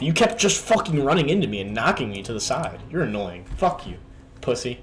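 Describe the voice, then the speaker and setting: A man's voice: mid-range voice, very animated, brisk, a little hiss or hum. A man giving casual gameplay commentary, swearing in frustration and trash talking the game as he plays. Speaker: gamer playing a video game. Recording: game music under the voice. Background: game music and keyboard typing.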